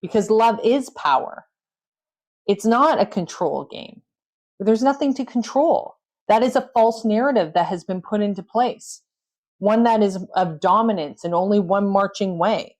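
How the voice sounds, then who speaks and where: A woman's voice: medium pitch, measured pace, a little mellow. A woman hosting a podcast, talking earnestly in a reflective, storytelling way. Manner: earnest, storytelling with self-coaching tone. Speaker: podcast host. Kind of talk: reflective solo podcast talk.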